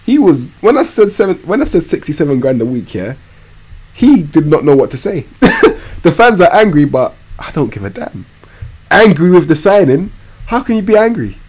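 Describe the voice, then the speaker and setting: A man's voice: on the high side, normal speed, husky. Slangy young man streaming a game. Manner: slangy, animated, swings from mumbled asides to loud outbursts. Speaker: gaming streamer. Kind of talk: live gameplay commentary.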